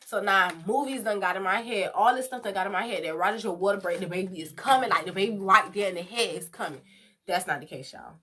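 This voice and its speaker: A woman's voice: medium pitch, quick pace, bright, forceful tone. A young woman telling a personal story in a casual vlog, chatty and talking straight to her viewers. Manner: chatty, addresses viewers directly. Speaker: vlogger.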